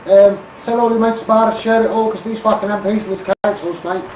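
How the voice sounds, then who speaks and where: A man's voice: high voice, steady tone, brisk, darkish tone. A middle-aged man with a Scouse accent ranting on a live stream to his followers, blunt and rambling, repeating himself and calling people mate. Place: home room. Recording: echoey, a bit far from the phone, faint room noise.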